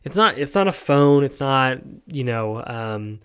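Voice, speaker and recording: Speaking a little slowly with lively intonation, the American podcast host has a clear, resonant, medium-pitched voice. His casual opinion monologue rambles, dotted with fillers and his habit of asking "right?".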